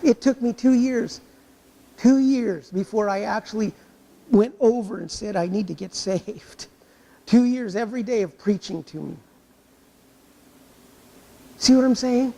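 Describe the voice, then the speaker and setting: A man's voice: very high-pitched, warm tone. A male pastor preaching a sermon in a church, driving points home with rhetorical questions and acting out inner voices. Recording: long hall reverb.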